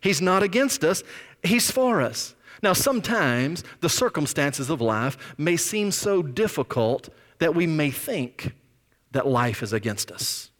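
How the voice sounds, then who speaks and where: A male pastor preaching a sermon with emphatic, drawn-out stresses, sometimes dropping almost to a whisper. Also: a little high, sing-song, a bit bright, big-room sound. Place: church sanctuary.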